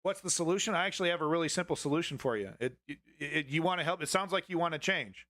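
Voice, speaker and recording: A man's voice: a little high, fast talker, bright, forceful tone, dry recording, clean studio sound. A young man hosting a live political news stream, talking to his chat in a blunt, profane, confrontational way.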